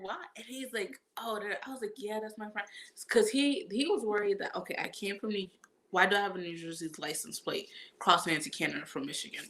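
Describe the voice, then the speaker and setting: A woman chatting casually and telling a story with animated energy, acting out what others said to her and laughing along. Her voice has a bright, forward ring. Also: medium pitch, fairly quick. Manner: animated storytelling, acts out quotes, laughs often. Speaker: guest vlogger. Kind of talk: casual chat.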